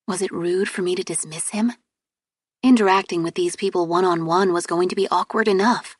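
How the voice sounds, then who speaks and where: A woman narrating a novel in the first person, with clear, steady storytelling. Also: lowish voice, brisk, no room sound, clean studio sound. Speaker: audiobook narrator.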